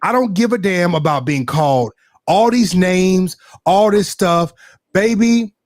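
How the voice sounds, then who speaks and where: A man's voice: high-pitched, unhurried, dry recording, studio quality. A man telling a story candidly and profanely, acting out the quoted back-and-forth. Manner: animated, profane, acts out quoted exchanges. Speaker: podcast guest. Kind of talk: candid storytelling in a casual talk show.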